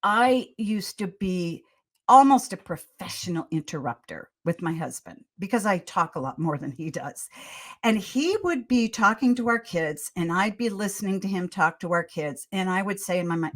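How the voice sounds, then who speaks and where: A woman's voice: medium pitch, animated, normal speed, fairly bright tone. An older woman, a pediatrician guest on a podcast, giving parenting advice in an earnest, storytelling way with frequent restarts. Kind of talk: conversational advice in a podcast interview.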